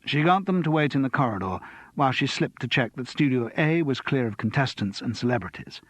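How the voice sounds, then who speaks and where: A man narrating an audiobook in an expressive, lively storytelling manner. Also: medium pitch, brisk, no room sound. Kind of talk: scripted narration.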